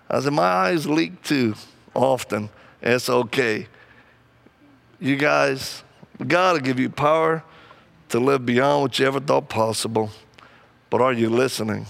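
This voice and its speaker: Gravelly, animated male preacher. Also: medium pitch. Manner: animated, acts out quoted people, laughs often. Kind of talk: sermon with personal storytelling.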